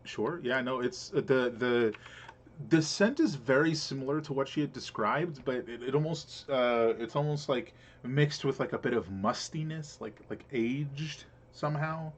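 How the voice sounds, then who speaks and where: A man's voice: medium pitch, measured pace. Man, game master, tabletop game narration, rambling, many restarts.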